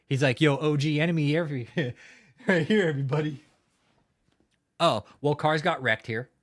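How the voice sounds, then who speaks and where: A mid-range male voice hosts a livestream, chatting casually and laughing often. He reads out viewer comments in a profane, mocking way.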